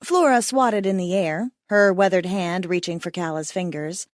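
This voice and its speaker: A woman narrating a comic romance audiobook in a playful, expressive way. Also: on the low side, moderate pace, hardly any pauses, no room sound, clean studio sound.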